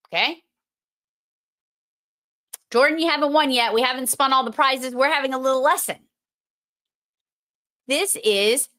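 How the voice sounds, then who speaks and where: A middle-aged woman hosts a casual livestream. Her voice sits a little high, and she takes her time, drawing out words in a playful, teasing way. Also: animated, takes it slowly, long pauses, fairly bright tone. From Massachusetts. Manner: playful, teasing, talks to the chat. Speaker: livestream host.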